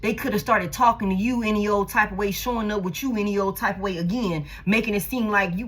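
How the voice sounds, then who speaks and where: A woman reads tarot cards in a casual, blunt way, cussing freely and hammering points home by repeating them. Her voice sits in the middle of the range with a husky, slightly breathy grain. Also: mid-range voice, fairly even intonation, fast, few pauses, fairly bright tone. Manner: blunt, profane, emphatic and repetitive. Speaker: tarot reader. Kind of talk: casual tarot reading to camera.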